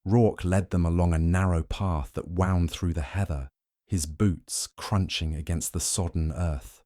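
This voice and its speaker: Deep-voiced male audiobook narrator. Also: fairly even intonation, a little slow, warm tone, no echo, clean studio sound.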